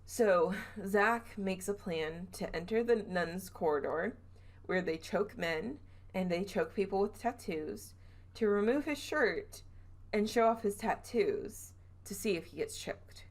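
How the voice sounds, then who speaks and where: This young podcaster from the American South chats her way through a ghost story, giggly and prone to trailing off and fixing what she said. She speaks at a medium pitch with lively intonation and a measured pace.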